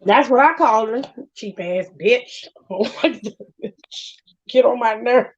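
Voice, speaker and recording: A woman's voice: fairly high pitch, lively intonation, slow pace. A woman co-hosting a casual chat, talking bluntly and profanely and laughing often. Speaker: podcast co-host. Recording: dull lo-fi sound.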